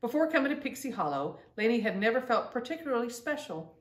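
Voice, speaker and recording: Woman reading aloud to children, lively, gentle, mic set back in an echoey room. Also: on the high side, quick pace, far from the mic. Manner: gentle, lively read-aloud with asides to listeners. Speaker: storyteller. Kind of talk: children's book read-aloud.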